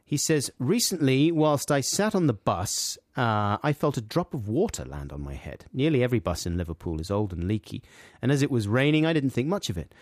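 A man's voice: medium pitch, big pitch swings, brisk, few pauses, dry recording. Guy on radio, reads listener letters, jokes around, dry close mic. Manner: chatty, reads letters aloud with playful asides. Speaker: radio co-host. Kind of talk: casual radio chat, reading listener messages.

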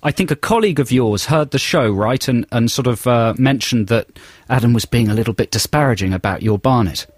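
A man's voice: mid-range voice, expressive, fairly quick, no echo, clean studio sound. A man co-hosting a comedic radio show, talking in a mock-earnest, stumbling way. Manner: hesitant, mock-earnest, stumbling over words. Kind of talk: casual comedic radio banter.

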